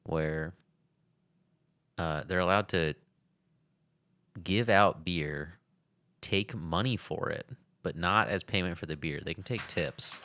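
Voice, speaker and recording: A young man with a very low voice that still has a bright, sharp edge, joking in a dry, offhand way on a podcast. He drifts into tangents even while reading the sponsor spot. The recording is dry and close. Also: takes it slowly, long pauses, no echo. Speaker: podcast co-host. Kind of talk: casual chat.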